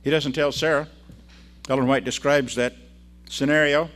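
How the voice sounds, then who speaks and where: A man preaching a sermon and reading scripture aloud, swinging between loud emphasis and quiet drops. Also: mid-range voice, fairly even intonation, normal speed.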